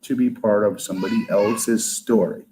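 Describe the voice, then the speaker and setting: A man with a low, mellow voice gives blunt wrestling opinions in casual podcast talk. He sounds exasperated and fires off quick asides, over a faint hiss. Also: steady tone, rough recording. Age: older. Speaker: podcast guest, former wrestler. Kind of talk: casual wrestling review chat.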